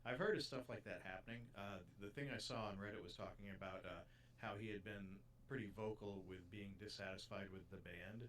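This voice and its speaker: Male streamer, lower pitch, relaxed casual chat, trails off and restarts, light noise behind. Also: a little fast, low-quality recording. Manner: hesitant, lots of uh and restarts. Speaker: streamer playing a game.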